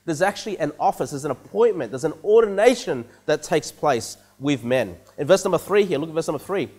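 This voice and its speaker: A man's voice: on the high side, lively intonation, brisk, a little mellow. A man preaching a conversational sermon as pastor of a church, often repeating words and checking in with the congregation with "okay?" and "you know".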